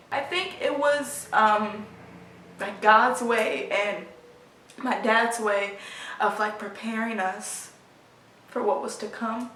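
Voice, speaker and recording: A woman of about twenty, telling a personal story in a halting, emotional way full of fillers, recorded in her apartment. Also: medium pitch, steady tone, fairly bright tone, far from the mic, a little hiss or hum. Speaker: vlogger. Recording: roomy sound, voice from off the mic.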